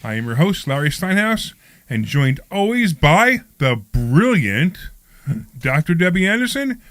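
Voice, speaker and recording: A man hosts a live radio talk show, moving from an upbeat, scripted intro into loose banter with his co-hosts. His voice sits on the higher side. The studio sound is dry and close. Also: very animated, a little slow, a bit bright, dry recording. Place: studio at a training office.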